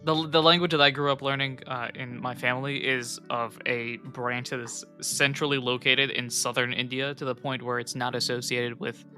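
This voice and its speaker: A man opens and steers a casual podcast among friends. His voice is bright and his talk is joking and easygoing, with faint music behind him. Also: medium pitch, level tone, moderate pace, few pauses. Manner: joking, laughs often. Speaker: podcast host. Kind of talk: casual chat.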